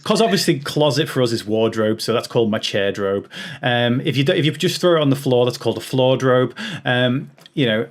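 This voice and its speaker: Male podcast host, mid pitch, casual, laughs a lot, talks in restarts. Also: animated, fairly quick. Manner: chatty, laughs often, many restarts. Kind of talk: casual chat.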